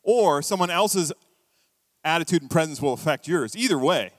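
A middle-aged man preaching in a church, his voice a little higher than most men's. He tells stories with animated, acted-out quotes. The mic is close and dry, with a long hall reverb behind it. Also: moderate pace. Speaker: pastor. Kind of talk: sermon.

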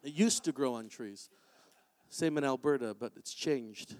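A man preaching a sermon in a church, in an animated, conversational way. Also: medium pitch, measured pace. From Canada. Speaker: pastor. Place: church sanctuary. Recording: long hall reverb.

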